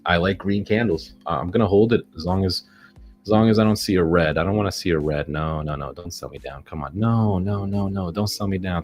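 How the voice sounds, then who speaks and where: Deep-voiced man narrating his stock trades. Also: moderate pace, soft background music. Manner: excitable, swearing, talks to the chart. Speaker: day-trading vlogger. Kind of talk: casual live trading commentary.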